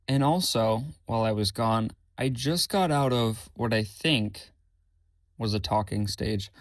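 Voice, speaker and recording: A young man hosting his own podcast, chatting casually with a rambling, self-correcting, rather monotone delivery. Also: medium pitch, dry recording. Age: young adult. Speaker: podcast host. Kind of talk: casual solo podcast chat.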